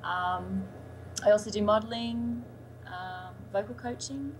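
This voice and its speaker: A woman's voice: mid-range voice, a little slow, a little hiss or hum, poor audio. A woman from Sydney with an Australian accent, a singer-songwriter talking over a Skype call, bubbly and laughing often. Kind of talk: casual interview over Skype.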